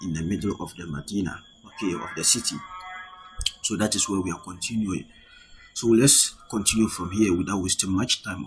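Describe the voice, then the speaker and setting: A man's voice: low voice, a little hiss or hum. A man teaching an online Arabic grammar lesson, reading Arabic sentences and explaining them in English with frequent "okay" checks. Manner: reads Arabic text then translates and explains it in English.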